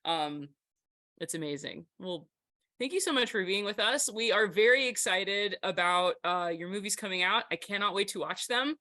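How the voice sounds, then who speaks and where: A woman hosts a podcast interview in a casual, chatty way, full of enthusiasm and quick laughs. Her voice is bright and forward. The sound is close and dry. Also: mid-range voice, lively intonation, no echo. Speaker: podcast host.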